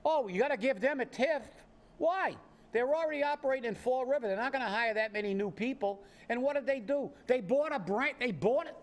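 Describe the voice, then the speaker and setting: High-voiced man ranting on local politics. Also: fairly quick. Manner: indignant, ranting, rhetorical questions. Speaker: political commentary co-host. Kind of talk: heated political commentary.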